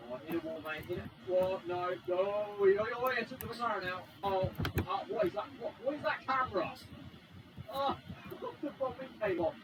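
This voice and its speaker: A man giving excitable live commentary over a racing game he is playing. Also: high-pitched, moderate pace. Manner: excitable, exclaiming at the action. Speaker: gaming commentator. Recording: distant mic under loud game noise. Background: loud racing game engine sounds.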